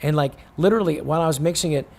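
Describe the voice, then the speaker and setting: A man's voice: fairly high pitch, racing, vocal fry, darkish tone. A man from San Francisco, a show guest, telling rambling anecdotes, acting out other people's voices and swearing freely. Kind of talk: animated storytelling.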